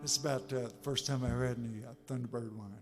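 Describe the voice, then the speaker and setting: A man on a concert stage, telling jokes between songs in a slow, laid-back storytelling way. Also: mid-range voice, fairly even intonation, over loud music. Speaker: singer-songwriter on stage. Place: music hall stage, live concert.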